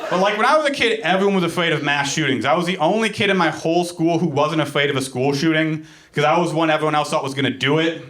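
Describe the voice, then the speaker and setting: A man's voice: on the high side, fast, hardly any pauses, background noise. A young man doing a stand-up set on a club stage, telling jokes in a dry, self-deprecating, matter-of-fact way. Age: young adult. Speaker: stand-up comedian. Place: comedy club stage before a laughing audience.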